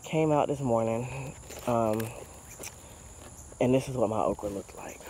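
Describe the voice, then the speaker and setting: A man's voice: mid-range voice, a little slow, dark tone, slight background noise. A man vlogging outdoors in his home garden, venting his frustration and discouragement at garden pests. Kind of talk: casual vlog talk. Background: insects and outdoor ambience.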